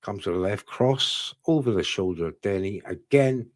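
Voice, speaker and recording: A man's voice: lowish voice, lively intonation, moderate pace, no room sound. A man giving live boxing commentary on a watchalong stream, talking casually to viewers and answering their chat. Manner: conversational, talks straight to viewers by chat name. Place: UK-based streaming setup.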